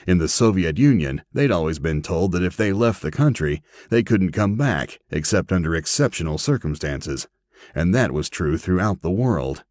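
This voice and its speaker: Man, audiobook narration, very deep voice, steady even reading, dry close studio sound. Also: dry recording.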